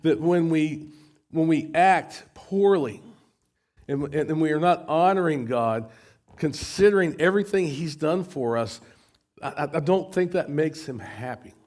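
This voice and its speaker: A man's voice: fairly high pitch, darkish tone. A middle-aged American man preaching a sermon, often stumbling and repeating words as he goes. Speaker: pastor.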